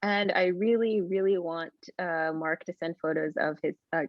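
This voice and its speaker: A woman's voice: on the low side, normal speed, no echo. Giggly woman guest on a dull, dry call. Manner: giggly, flustered. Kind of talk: casual chat.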